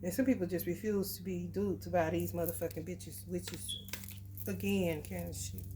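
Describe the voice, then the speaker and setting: A woman's voice: on the low side, fairly even intonation, moderate pace, background noise. A woman giving a casual, blunt, profane astrology reading, preaching straight at her viewers. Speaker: tarot reader.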